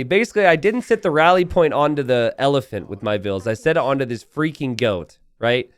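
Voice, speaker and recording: A man's voice: on the high side, brisk, dry recording. A young adult man giving casual, chatty commentary over a strategy game replay, telling the story with plenty of "uh" fillers.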